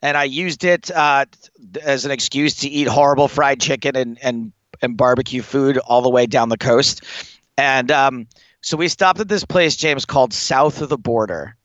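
A young man rambling through comic anecdotes as a podcast guest, animated, swearing often and laughing through his stories. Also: mid-range voice, moderate pace, no echo, highs cut off. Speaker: guest storyteller.

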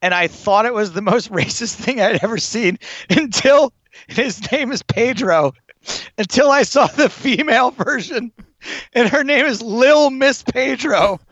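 A young man rambling through comic anecdotes as a podcast guest, animated, swearing often and laughing through his stories. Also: very high voice, measured pace, dry recording, muffled recording. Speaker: guest storyteller.

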